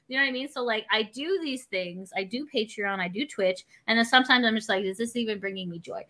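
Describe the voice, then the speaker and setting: Woman, casual chat, high voice, swears, acts out conversations. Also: quick pace, few pauses. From Canada. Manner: animated, swearing, acts out quotes. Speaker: performer and streamer.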